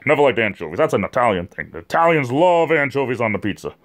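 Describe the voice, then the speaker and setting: A man of middle pitch hosts a loose livestream chat. He rambles from one thing to the next and stops to answer viewers by name. His talk is full of fillers and repeated words. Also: sing-song, fast, a bit bright. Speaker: livestream host.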